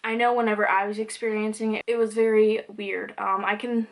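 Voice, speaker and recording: A woman's voice: mid-range voice, little pitch movement, a little fast. A young woman talking candidly to camera in a personal vlog, conversational and loose, with plenty of "like" and "um". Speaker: vlogger.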